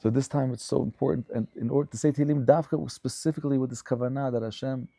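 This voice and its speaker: A man's voice: medium pitch, steady tone, quick pace, vocal fry, few pauses, mellow, dry recording. A man giving a Torah lecture as a rabbi, speaking fervently and emphatically and repeating phrases for stress.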